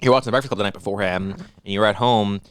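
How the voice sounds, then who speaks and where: A man co-hosting a casual comedy podcast, swearing a lot and ranting loudly. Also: on the low side, fast talker, clean tone, dry recording, clean studio sound. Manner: profane, ranting, mocks people in put-on voices. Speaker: podcast co-host.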